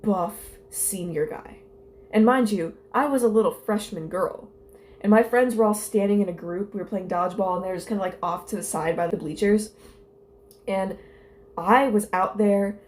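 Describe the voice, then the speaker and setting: A woman's voice: mid-range voice, a little mellow, slight background noise. A young woman telling stories and reading her old journal aloud in a casual vlog. She is candid and self-mocking, and her talk rambles with lots of "like" fillers. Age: young adult. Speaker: vlogger.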